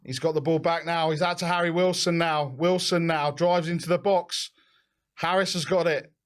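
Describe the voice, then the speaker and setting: A young man hosting a live football watch-along, excitable and shouting encouragement. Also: on the high side, normal speed.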